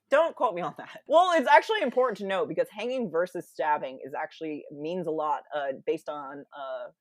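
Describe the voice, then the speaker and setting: A woman chatting as a podcast guest, retelling a story in a lively, casual way and slipping into quoted voices. Her voice sits low, with a dry, close sound. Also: normal speed, dry recording. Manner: animated, full of "like" and quoted voices, laughs often.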